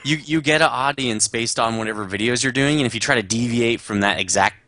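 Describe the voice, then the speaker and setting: A man's voice: medium pitch, a little fast, bright, forceful tone, no room sound. Man chatting with a dry, close sound. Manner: explains matter-of-factly, swears casually. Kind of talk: casual group podcast chat.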